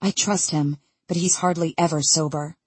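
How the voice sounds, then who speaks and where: Woman, audiobook narrator, first-person reading, husky, dry close mic. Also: sits low, steady tone, moderate pace, dry recording.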